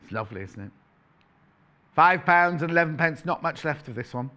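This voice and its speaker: A man hosting a live shopping channel, talking in a bright, fairly high voice that swings up and down a lot. His patter is chatty and playful, full of asides and price call-outs from a studio. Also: expressive, a little fast. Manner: chatty, playful, self-correcting, reads out prices.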